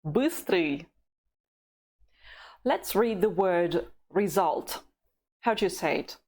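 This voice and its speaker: A woman from Russia with a Russian accent, teaching a language lesson with patient, deliberate repeat-after-me drills. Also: medium pitch, darkish tone. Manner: patient, deliberate, pauses for learners to answer.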